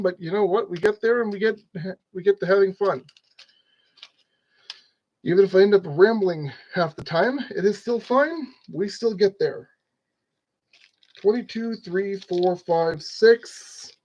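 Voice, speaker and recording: Rambling high-voiced man building a kit. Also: muffled recording. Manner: rambling, talks to objects, self-deprecating. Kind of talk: rambling casual build vlog.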